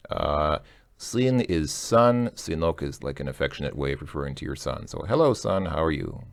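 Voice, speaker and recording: Very deep-voiced man teaching casually. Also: expressive, normal speed, vocal fry, no echo. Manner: chatty, joking, thinking aloud. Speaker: language teacher. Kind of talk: casual explaining lesson.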